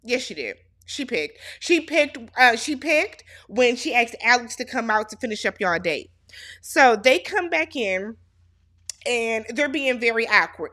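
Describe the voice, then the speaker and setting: A woman's voice: on the high side, lively intonation, measured pace, bright, forceful tone. Sassy woman recapping reality TV. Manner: sassy, talks straight to the show's cast. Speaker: reality show recap host. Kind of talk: casual show recap commentary.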